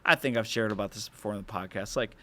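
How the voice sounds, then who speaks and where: Man, somewhat low voice, podcast co-host, reflective, tells stories, casual chat. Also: quick pace, bright, forceful tone. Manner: reflective, tells stories, many likes and restarts. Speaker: podcast co-host, former youth minister. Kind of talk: casual faith-based chat.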